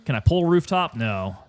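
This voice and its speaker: A man with a slightly higher-than-usual voice gives loose, chatty commentary as he plays. He talks easily to his viewers, now and then short of breath. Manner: relaxed, chatty, sometimes winded. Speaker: gaming streamer. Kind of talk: casual gameplay commentary.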